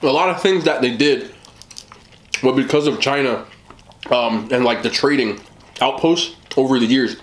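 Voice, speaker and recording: A man's voice: medium pitch, moderate pace, pauses often, echoey room, slight background noise. A man hosting a casual eating vlog, chatting with his mouth full about the food. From West Indian family. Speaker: mukbang host.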